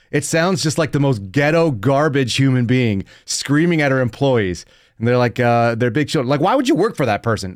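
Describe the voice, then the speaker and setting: A man's voice: medium pitch, no room sound, studio quality. A man in his thirties hosting an opinionated podcast, mocking and laughing often as he rants. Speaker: podcast host.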